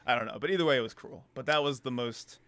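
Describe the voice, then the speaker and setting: A young man is telling a story on a podcast, and he jumps into the voices of the people he quotes. His voice is smooth and the sound is dry and close. The feel is easy, casual chat. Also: mid-range voice, fast talker, dry recording. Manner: animated storytelling, acts out quotes. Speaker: podcast co-host.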